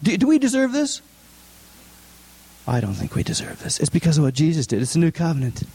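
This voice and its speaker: A man preaching a sermon, putting questions to the congregation and stressing points with sharp rises in his voice. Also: huge pitch swings, a little fast, breathy edge. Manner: asks the congregation many questions, rises in pitch for emphasis. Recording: long hall reverb.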